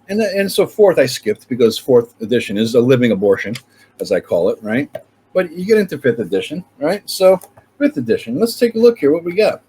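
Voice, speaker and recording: A man hosting his own channel, talking casually and swearing freely as he rants. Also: slightly rough. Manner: profane, animated ranting with sudden pitch jumps. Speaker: channel host. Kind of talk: casual ranting chat.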